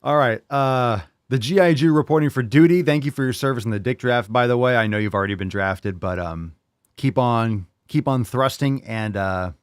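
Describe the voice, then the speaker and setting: A man's voice: mid-range voice, moderate pace, clear, resonant tone, no room sound, clean studio sound. A man hosting a fitness podcast, joking and swearing between casual training advice. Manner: brash, joking, profane, enthusiastic. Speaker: podcast host and fitness coach.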